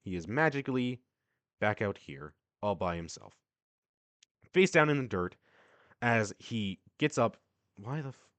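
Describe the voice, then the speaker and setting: Lively male game master narrating. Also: lowish voice, measured pace, pauses often, no room sound. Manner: loose, casual, self-deprecating.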